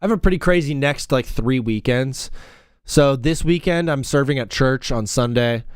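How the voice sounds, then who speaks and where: A man's voice: mid-range voice, normal speed, smooth, no room sound, studio quality. A man hosting a casual live sports talk show, rambling and jokey, often stopping and restarting his sentences. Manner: animated, rambling, self-interrupting, jokey.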